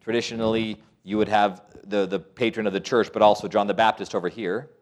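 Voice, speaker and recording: A man's voice: on the low side, fairly even intonation, brisk. A middle-aged man, a priest, preaching a sermon with stories, asides and quoted voices.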